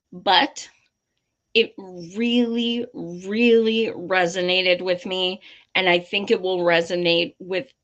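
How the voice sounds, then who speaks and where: A woman's voice: medium pitch, fairly bright tone. A woman hosting a live commentary stream, impassioned and blunt, swearing freely. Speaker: livestream host.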